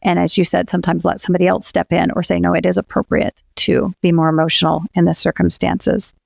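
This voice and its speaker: Podcast co-host: a woman coach, earnest and encouraging, gravelly fry in her voice, dry close mic. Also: fairly low pitch, little pitch movement, quick pace, dry recording. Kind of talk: casual podcast conversation.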